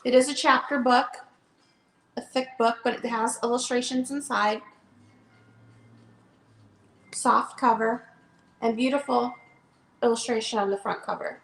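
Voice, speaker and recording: A woman's voice: on the high side, fairly even intonation, moderate pace, creaky. A woman chatting casually as she shows books for a live online sale. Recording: roomy echo.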